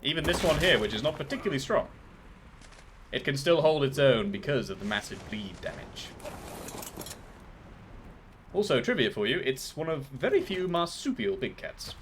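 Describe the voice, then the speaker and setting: A man's voice: mid-range voice, big pitch swings, moderate pace, long pauses, noisy background. A man streaming a game live, chatting casually and rambling off into trivia tangents. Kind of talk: casual gameplay commentary.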